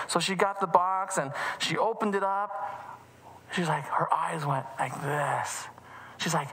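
A man's voice: high voice, measured pace, pushed and bright, echoey room, long reverb tail, rough recording. A man telling a children's story in a church service, acting out voices with many restarts.

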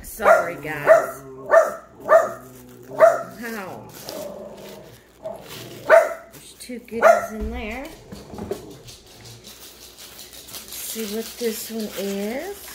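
Slow-talking gushing woman vlogger. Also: on the high side, big pitch swings. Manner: gushing, repeatedly thanking and exclaiming. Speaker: vlogger unboxing a doll. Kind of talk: casual unboxing chat. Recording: noisy home recording. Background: household noise, dog barking.

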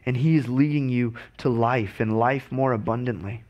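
A man's voice: medium pitch, normal speed, dull audio. A man preaching a sermon as pastor, earnest and often stumbling over and repeating his words.

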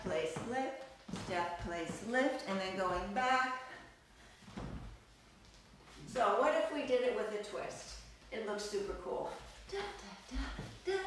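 A woman's voice: a little high, slight background noise. Upbeat woman counting dance steps. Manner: counts steps aloud, upbeat and playful, laughs often. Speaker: belly dance teacher. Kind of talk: live online dance class instruction. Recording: echoey room, mic far off.

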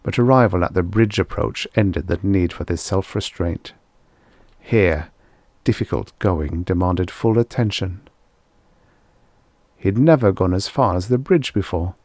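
An audiobook narrator with a lowish, darkish-toned male voice reads a vintage science fiction story in a measured storytelling style. The recording is dry and close, with no echo or room sound.

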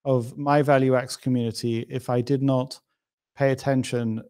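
A man's voice: medium pitch, flat delivery, moderate pace, darkish tone, clear, resonant tone. A middle-aged man as a podcast guest, talking in a thoughtful, emphatic way and building his points with hypotheticals. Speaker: interview guest.

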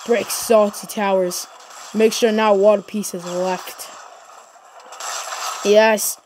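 A woman giving excited gameplay commentary, cheering and shouting encouragement at her teammate. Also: mid-range voice, takes it slowly, a little hiss or hum. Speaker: gaming channel host.

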